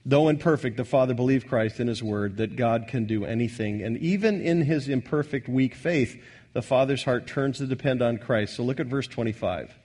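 A man preaching a sermon in a church, earnest, repeating key lines and swinging from loud declarations to soft asides. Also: mid-range voice, moderate pace. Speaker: pastor.

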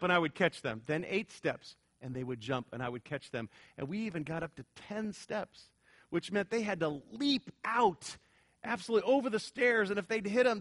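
A middle-aged man with a high voice preaches a sermon to his congregation. He pushes some points out loud and emphatic, then drops to a low, earnest hush. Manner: dynamic preaching, swinging from loud emphasis to hushed earnest tones. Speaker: pastor.

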